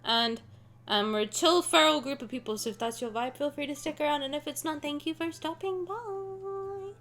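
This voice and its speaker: A woman's voice: high voice, fairly quick, a bit bright. A woman streaming a game, chatting casually with her viewers in a tired, rambling, self-deprecating way. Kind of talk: casual live-stream chat.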